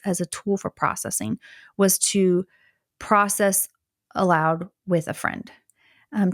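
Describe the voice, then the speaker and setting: A woman of medium pitch co-hosting a podcast, talking through her ideas thoughtfully and filling pauses as she goes. Her voice sounds dry and close to the mic. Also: no echo. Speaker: podcast co-host. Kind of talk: conversational podcast discussion.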